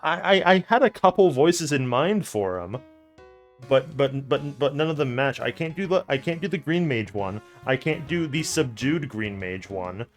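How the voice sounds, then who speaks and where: A young man streaming live, chatting in a rambling, stammering way. He restarts his sentences and swears freely. His voice sits mid-pitch, with faint music behind him. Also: lively intonation, normal speed. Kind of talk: casual chat on a live stream.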